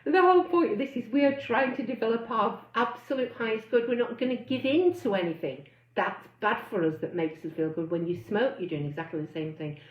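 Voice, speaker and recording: A woman's voice: mid-range voice, a little fast, few pauses. A woman weight-loss coach giving a chatty live online talk, reading out comments and acting out inner voices. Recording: roomy, slightly dull sound.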